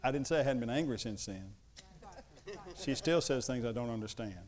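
A man's voice: medium pitch, fairly quick, a little mellow. A man preaching a sermon, telling personal stories and acting out the voices of his family. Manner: storytelling, acts out voices of family members. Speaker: pastor.

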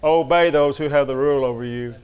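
Folksy preacher with a smooth voice. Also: male voice, mid-range voice, a little fast, darkish tone. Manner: folksy storytelling with humor and Southern address. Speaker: pastor. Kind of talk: sermon.

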